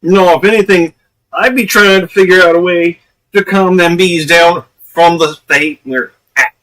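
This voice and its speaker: A man's voice: high voice, measured pace, fairly bright tone, distant mic, rough recording. A man giving casual, profane commentary on a live stream, laughing often.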